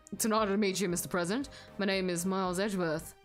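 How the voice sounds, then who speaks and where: A woman's voice: mid-range voice, steady tone, quick pace, faint music behind, natural voice. A woman voicing a composed, formal male prosecutor in a game, speaking politely and carefully.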